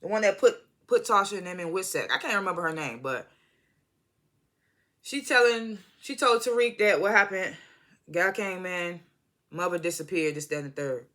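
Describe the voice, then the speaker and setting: A casual, rambling video review of a TV episode comes from an American vlogger speaking into a phone, slangy and peppered with asides and self-corrections. Pitch is medium, intonation lively, speed normal, and the tone a bit bright.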